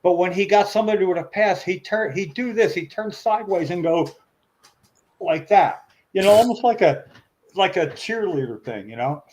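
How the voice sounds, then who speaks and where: A man's voice: sits high, lively intonation, normal speed, a little mellow, highs cut off. A middle-aged man, telling a long anecdote in casual podcast chat, rambling with many fillers and restarts.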